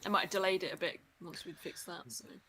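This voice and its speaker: A woman's voice: lowish voice, fast, bright, forceful tone, a little hiss or hum. Giggly woman playing a tabletop game. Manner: giggly, chatty. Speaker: player. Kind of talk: casual tabletop play.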